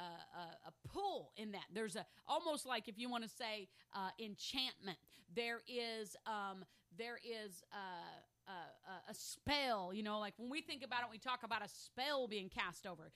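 A woman preaching a sermon who reads scripture and then teaches, often checking in with her listeners and rising to loud, emphatic declarations. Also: fairly high pitch. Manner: fervent, checks in with "okay?" and "amen?".

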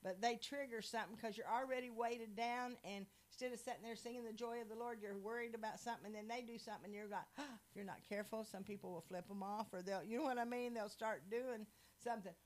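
A woman preaching a sermon, telling lively stories with laughter. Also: fairly high pitch, quick pace, poor audio. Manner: animated storytelling with laughs.

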